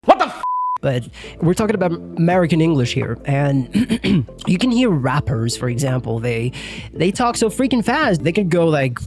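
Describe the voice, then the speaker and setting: A man's voice: fairly high pitch, sing-song, normal speed, a little mellow, faint music behind. A young man giving a casual English lesson, talking loosely with lots of fillers and the odd swear word. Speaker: English teacher.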